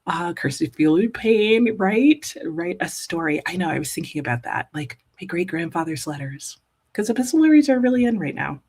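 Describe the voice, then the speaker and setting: A woman's voice: on the low side, expressive, normal speed, darkish tone, breathy edge. A woman hosting a live reading stream, chatting casually and reading out viewers' comments with frequent "ooh"s and "uh"s. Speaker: livestream host reading chat.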